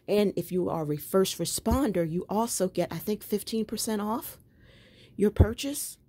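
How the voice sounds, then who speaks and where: A woman's voice: mid-range voice, moderate pace, mellow, husky. A woman giving a chatty, rambling tour of her home craft room, often breaking into laughter. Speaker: planner and journaling vlogger.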